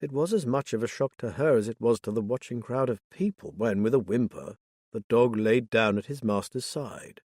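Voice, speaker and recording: Casting: male audiobook narrator, mid-pitched, steady and measured, dry close-mic sound. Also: dry recording. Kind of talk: scripted narration.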